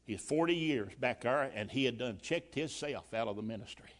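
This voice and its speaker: A man preaching a sermon as pastor, folksy and colloquial, acting out the scripture quotes with lively drama. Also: mid-range voice, normal speed.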